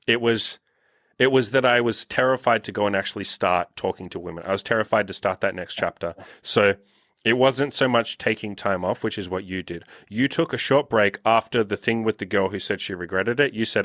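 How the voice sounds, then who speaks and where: A young man hosting a casual podcast conversation as a dating coach, talking bluntly with lots of swearing and animated acted-out quotes. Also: fairly low pitch, brisk, no room sound, studio quality. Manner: blunt, profane, animated storytelling.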